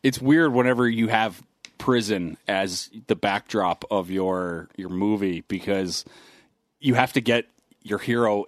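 Male podcast co-host, low-pitched, animated storyteller, dry booth sound. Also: measured pace, no room sound. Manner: animated storyteller, acts out quotes, laughs often. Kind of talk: casual chat.

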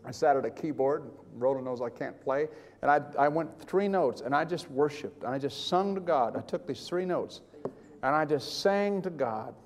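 An older man preaching, telling a personal story with animated, chuckling delivery and acting out the voices of others in his account. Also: fairly high pitch, normal speed, in a large hall. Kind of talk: sermon testimony.

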